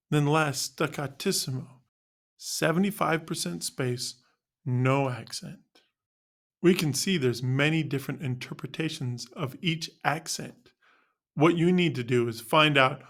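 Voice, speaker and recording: A male music teacher narrating a scripted lesson on articulations in a clear, instructional way. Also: a little high, a bit bright.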